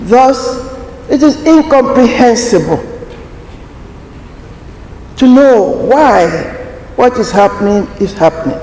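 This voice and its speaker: A man giving a formal prepared speech at a conference, slow and deliberate, stressing key words. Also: high-pitched, expressive, dark tone, a little hiss or hum. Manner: slow, deliberate, emphatic delivery. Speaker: conference speaker. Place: large conference hall. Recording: echoey hall, faint ambience.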